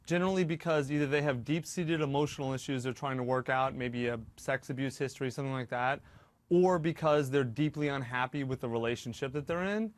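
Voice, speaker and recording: A man's voice: mid-range voice, a little fast, no echo. A man co-hosting a talk show, speaking earnestly and hedging with fillers. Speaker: co-host.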